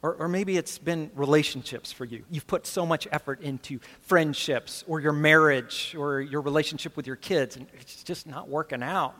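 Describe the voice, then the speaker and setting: Man, pastor, earnest emphatic sermon, rhetorical questions, fairly high voice, long hall reverb. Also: normal speed, hardly any pauses, fairly bright tone.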